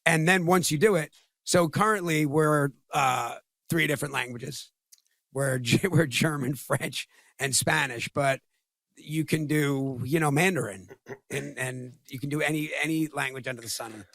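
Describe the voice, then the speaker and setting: Middle-aged male guest, halting delivery with lots of repeated words, dry close sound. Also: fairly high pitch, creaky, a bit bright, no room sound. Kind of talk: casual podcast conversation.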